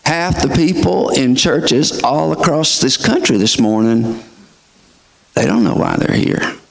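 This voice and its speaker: Gravelly preacher, slow and expressive. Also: male voice, mid-range voice. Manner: emphatic, rhetorical questioning of the audience. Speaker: pastor. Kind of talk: sermon.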